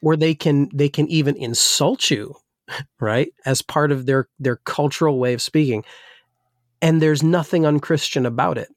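A man who grew up in New Jersey and serves as a pastor, talking through ideas in a casual, rambling way full of restarts. His voice sits a little high and still sounds slightly weak. The sound is close and dry, with no room echo. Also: moderate pace. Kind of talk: casual discussion.

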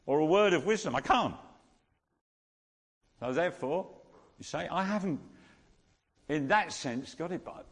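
A man preaching a sermon, teaching slowly and repeating key phrases for emphasis. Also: on the high side, husky, long reverb tail.

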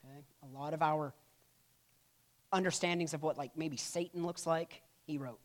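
A church history teacher talks a class through the material in a loose, conversational way. The delivery keeps pausing for "right?" and "okay?" check-ins and wanders into light, joking asides. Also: medium pitch, fairly even intonation. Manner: humorous asides. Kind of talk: classroom lecture.

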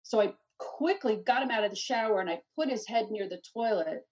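A middle-aged woman telling her story in an interview, animated and rambling, full of restarts and "you know.". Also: medium pitch, brisk, breathy edge. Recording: distant dull lo-fi mic.

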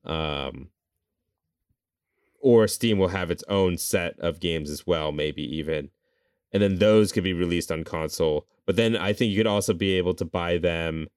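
A man in casual chat, musing aloud and trailing off as he pitches ideas. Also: moderate pace, a little mellow, clear, resonant tone, no echo, studio quality.

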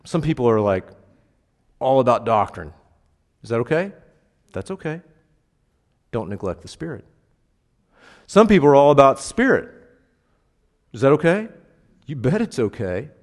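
A man of medium pitch preaches in a sing-song way at a moderate pace, leaving long pauses. He is a pastor in a reverberant hall, delivering a casual, conversational sermon full of questions to the congregation and emphatic bursts on key words.

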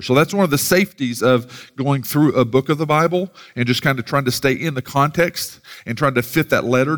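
A man giving a sermon as a pastor, talking in a loose, casual way with many fillers and restarts. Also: medium pitch.

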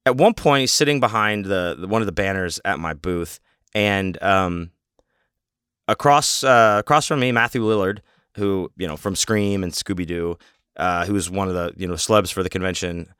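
A man's voice: sits low, normal speed, a bit bright, clean tone, no echo, studio quality. A man hosting a podcast, telling a long story casually in a rambling, profane, self-mocking way. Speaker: podcast host.

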